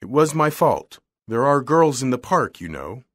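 A man's voice: mid-range voice, sing-song, normal speed, no room sound, clean studio sound. Man reading as a hesitant plain young man. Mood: earnest. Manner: hesitant, polite.

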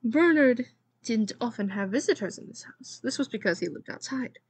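A woman's voice: a little high, expressive, moderate pace, slightly rough, no room sound. A woman gaming host reading a storybook aloud, with playful, dramatic storytelling and joking asides to the listener.

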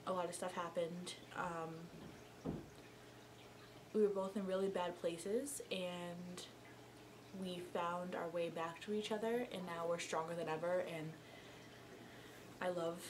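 A young woman chatting casually and excitedly while opening gifts, swinging between gushing and hushed talk. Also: on the low side, slow pace, long pauses, background noise. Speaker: friend opening gifts on camera.

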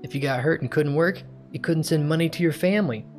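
A man's voice: on the high side, quick pace, soft background music, natural voice. A man reading aloud as a tough-talking male gangster club manager, with a drawling, streetwise delivery. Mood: gruff, protective. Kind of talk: reading game dialogue aloud.

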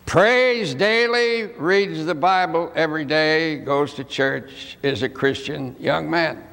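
Slow, gravelly preacher in an echoing hall. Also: male voice, high voice, fairly bright tone. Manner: folksy, dramatic pauses. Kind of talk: sermon storytelling. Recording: archival sermon with long hall reverb.

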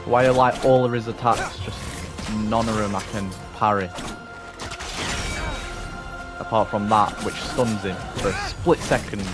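A man giving excitable gaming commentary, growing panicky and crying out during fights. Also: fairly low pitch, normal speed. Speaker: gamer. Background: game music.

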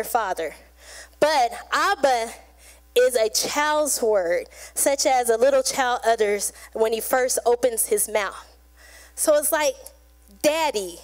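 A woman preaching a sermon in a casual, conversational way, acting out little quotes as she goes. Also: on the high side.

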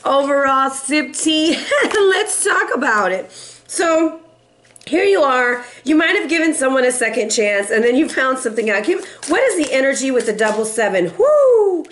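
Sassy high-voiced woman reading tarot. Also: animated, moderate pace, a bit bright. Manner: sassy, playful, laughs often. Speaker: tarot reader.

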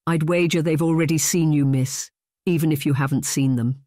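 The audiobook narrator voicing a cheerful young female housemaid who talks briskly and deferentially. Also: medium pitch, steady tone, warm tone, no echo, clean studio sound, close to an everyday voice. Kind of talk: audiobook character voice.

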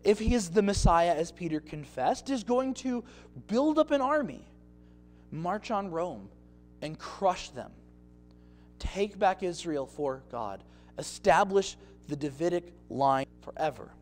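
Male pastor, expressive sermon delivery with acted-out scenes, higher voice. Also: measured pace, soft background music.

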